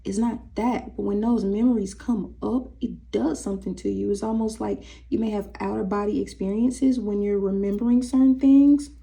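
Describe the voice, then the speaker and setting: A woman's voice: medium pitch, steady tone, moderate pace, vocal fry, few pauses, dark tone. A woman giving a chatty, casual tarot reading to her viewers. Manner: chatty, breaks into singing, talks to cat. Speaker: tarot reader.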